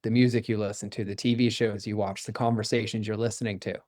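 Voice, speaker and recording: A man with a fairly low voice tells a personal story as a podcast guest. He is candid and animated, and he acts out the dialogue he quotes. The sound is close and dry, with no room around it. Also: quick pace, no room sound. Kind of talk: storytelling in conversation.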